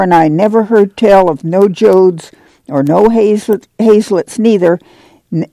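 A woman reading aloud as a firm, strong-willed middle-aged farm mother with a slow rural drawl. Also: medium pitch, warm tone, no echo, natural voice.

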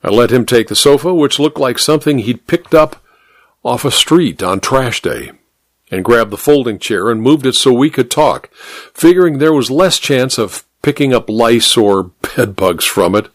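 Male narrator for a hard-boiled detective audiobook, wry and measured, animated pitch, dry close mic. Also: no echo. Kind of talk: first-person detective novel narration.

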